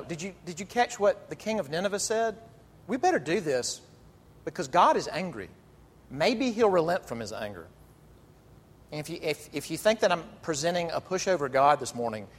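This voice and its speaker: Man, pastor, sermon, emphatic, slightly high voice, long hall reverb. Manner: animated, emphatic preaching with drawn-out phrases.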